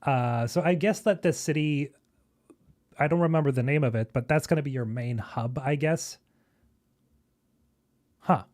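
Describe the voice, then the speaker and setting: Excitable streamer man, slightly high. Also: a little slow, pauses often. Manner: casual, excitable, swears, thinks aloud. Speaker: streamer host. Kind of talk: live stream reaction commentary.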